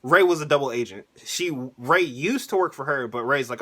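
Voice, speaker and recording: A man vlogging a casual, excitable anime review rant, laughing often and using slang. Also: medium pitch, moderate pace.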